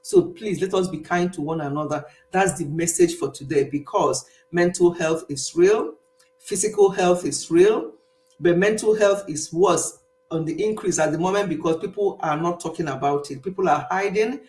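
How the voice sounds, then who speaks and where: A woman's voice: on the low side, moderate pace, a little mellow, reverberant, rough recording. A middle-aged woman hosting a casual live stream, chatting, reading comments and laughing often.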